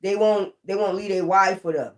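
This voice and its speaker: Steady in tone, at normal speed and medium pitch, this woman reads tarot casually, thinking aloud in a blunt, profane way, with a roomy echo around her.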